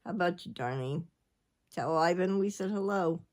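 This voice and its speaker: An older woman vlogger chats casually with her viewers, rambling and hopping from one topic to another. Her voice sits low and sounds a little mellow, and she talks at a moderate pace.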